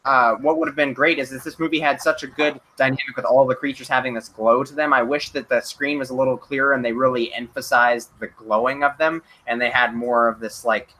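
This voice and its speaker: Excitable bright-voiced young man. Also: mid-range voice, fairly quick, hardly any pauses. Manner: excitable, stammers and restarts. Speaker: channel host. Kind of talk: casual fan discussion stream.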